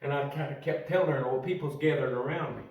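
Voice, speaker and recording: A man's voice: on the high side, quick pace, darkish tone. An older man, telling a story in a salty, profane, folksy way. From United States. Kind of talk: casual storytelling. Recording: roomy echo from a distant mic.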